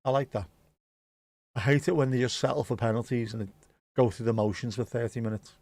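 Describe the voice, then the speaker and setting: A man's voice: mid-range voice, fairly quick, darkish tone, dry recording. Jokey man on a live watchalong. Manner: jokey, rambling, full of dad jokes. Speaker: watchalong host. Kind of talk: casual live watchalong chat.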